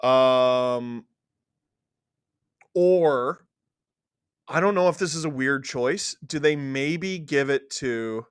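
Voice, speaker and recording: A man hosting a live watchalong stream, excitedly reading out viewer names and swearing freely. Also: mid-range voice, extremely slow, long pauses, smooth, no room sound, studio quality.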